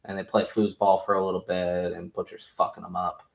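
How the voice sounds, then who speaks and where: A young man recaps a show in a loose, rambling way, full of swearing and excitement. His voice sits on the low side. The room around him gives a roomy echo. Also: a little fast, creaky. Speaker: podcast host. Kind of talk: casual recap review.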